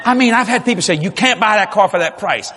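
A man preaching a sermon with jokes, swinging from low murmurs to loud shouts. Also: animated, quick pace, noisy background. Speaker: pastor. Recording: long hall reverb, faint ambience.

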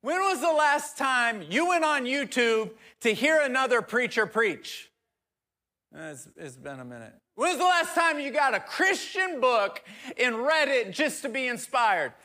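A man's voice: extremely high pitch, animated, unhurried, bright, forceful tone, pitched above the performer's own voice, heavily acted. A man doing a stern scolding father. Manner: scolding, firm questioning.

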